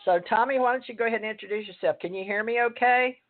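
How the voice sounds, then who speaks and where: A woman hosting a radio show, talking in a rambling, hesitant way with many pauses. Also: fairly high pitch, faint music behind. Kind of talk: casual radio talk. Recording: tinny phone line.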